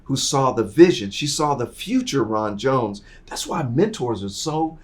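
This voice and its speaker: A middle-aged man telling his career story in an interview, acting out the people in it and swinging from quiet asides to loud, excited bursts. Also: a little slow. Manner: animated, acts out dialogue, swings from low asides to loud bursts. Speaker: interview guest.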